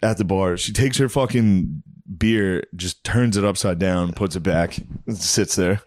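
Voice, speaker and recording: A man with a lowish voice telling a wild bar story in loose, profane chat. He laughs through his lines and recorded dry and close. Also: unhurried, no echo. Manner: animated storyteller, laughs often, swears freely.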